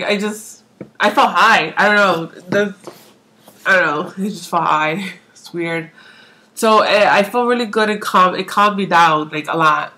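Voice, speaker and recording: A woman's voice: medium pitch, pushed and bright. A young woman telling a rambling story in a casual vlog, saying "like" a lot, acting out other people's lines and laughing often. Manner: chatty, rambling, full of "like"; acts out quoted voices, laughs often. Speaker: vlogger.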